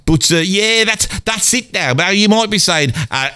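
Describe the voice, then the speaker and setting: A man's voice: high-pitched, lively intonation, moderate pace, bright, forceful tone, clean tone, no room sound, studio quality. A man playing a grumbling middle-aged Birmingham bloke with a Birmingham accent, rambling on and swearing mildly in a comedic monologue. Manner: rambling rant peppered with "bloody".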